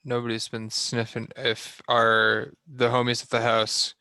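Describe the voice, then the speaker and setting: Brief: gravelly, bright-edged man, player at a game table, halting casual talk. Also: medium pitch, monotone, dry recording. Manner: halting, filler-heavy planning.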